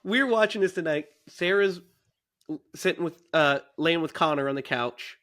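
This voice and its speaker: A man in his thirties co-hosting a casual movie podcast, animated and laughing often as he recounts scenes. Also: on the high side, moderate pace. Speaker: podcast co-host.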